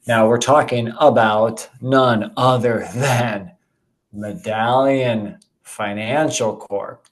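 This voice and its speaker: A man co-hosting a dividend investing show in casual chat, energetic and jokey, talking straight to viewers. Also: lowish voice, poor audio.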